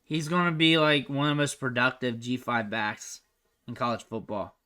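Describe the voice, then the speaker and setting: A young man giving casual, chatty commentary over football highlight film, thinking aloud and trailing off quietly at the ends of his sentences. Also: moderate pace, smooth. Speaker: recruiting analyst host.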